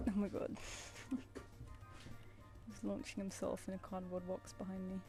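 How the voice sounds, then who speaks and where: A woman's voice: mid-range voice, level tone, unhurried, long pauses, warm tone, soft background music. A young British woman chatting casually while she draws live commissions, cooing playfully at her pet between remarks. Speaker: streamer drawing live commissions. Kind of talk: casual chat while drawing.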